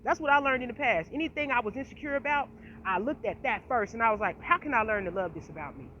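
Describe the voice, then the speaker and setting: Speaking directly to her viewers, a woman vlogger launches into a fiery, emphatic, swear-filled rant and keeps repeating "you feel me." Her fairly high voice is pushed, bright, animated, and quick, with a slight speech impediment, captured in slightly dull lo-fi audio with faint noise.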